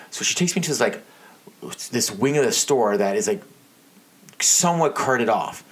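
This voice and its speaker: A man spins a comedic story on a podcast, with a mid-range voice that he pushes into exasperated outbursts. His delivery is animated and profane. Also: mid-range voice, normal speed, pauses often, husky. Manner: animated, exasperated, swears a lot. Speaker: podcast co-host.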